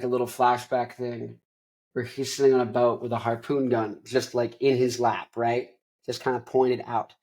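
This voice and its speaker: A man's voice: medium pitch, a little mellow, low-quality recording. A young man hosting a podcast and recapping a movie in a casual, rambling way with many restarts. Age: young adult. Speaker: podcast host.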